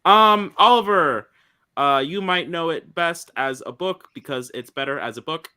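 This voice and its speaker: A man's voice: on the high side, normal speed, pushed and bright, clear, resonant tone. A man hosting a casual podcast, weary and rambling, poking fun at his own show. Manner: weary, rambling, self-mocking. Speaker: podcast host.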